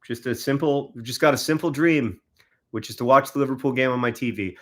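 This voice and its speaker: A man's voice: medium pitch, a little fast, fairly bright tone. A man, chatting casually on a livestream, giving exasperated, wry running commentary to viewers. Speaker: livestreamer signing autographs.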